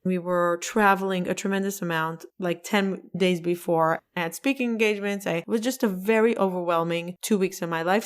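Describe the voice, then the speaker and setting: Expressive woman podcast host. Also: medium pitch. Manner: emotional, expressive, acts out her own past words. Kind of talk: solo podcast, personal storytelling.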